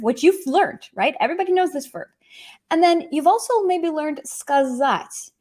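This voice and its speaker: A young woman teaching a language lesson online, explaining with lively emphasis and slowly spelling out example words. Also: on the high side.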